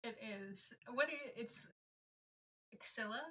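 A woman's voice: on the high side, a little slow, pushed and bright, husky. A woman co-hosting a casual podcast, trading jokey asides about a book. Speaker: podcast co-host. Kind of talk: casual book-club chat.

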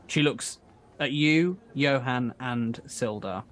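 Slow-paced man narrating as game master. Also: mid-range voice, fairly bright tone. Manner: hesitant, descriptive, with many fillers. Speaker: dungeon master. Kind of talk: narrating an improvised tabletop game.

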